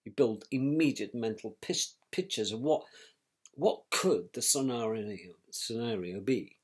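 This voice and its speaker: A middle-aged man, recalling a painful family event in a measured, reflective way with pauses and restarts. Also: medium pitch, a little mellow, slightly rough. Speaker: interviewee, victim's brother. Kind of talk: personal recollection.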